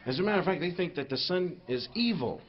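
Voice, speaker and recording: A man telling stand-up stories live in a rambling, animated way, full of "you know". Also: on the high side, fast talker, background noise. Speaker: stand-up comedian. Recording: dull live album with crowd laughter. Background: audience laughter.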